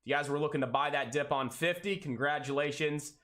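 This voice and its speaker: Hyped, bright-voiced man calling trades live. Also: a little high. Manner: excitable, hyped, jokey, calls out prices rapidly. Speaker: day-trading live stream host. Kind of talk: live trading commentary and banter.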